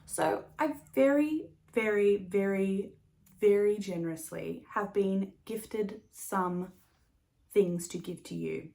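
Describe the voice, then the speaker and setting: A woman's voice: mid-range voice, slow, vocal fry, warm tone. Woman, podcast host, casual and chatty, mid-range voice, laughs a lot. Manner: chatty, rambling, laughs often, swears casually. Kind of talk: casual chat.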